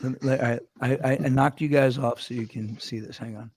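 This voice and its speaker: A man's voice: medium pitch, steady tone, a little mellow. A man hosting a casual chat show, bantering and joking with his guests. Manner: bantering, joking, quick to laugh. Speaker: host.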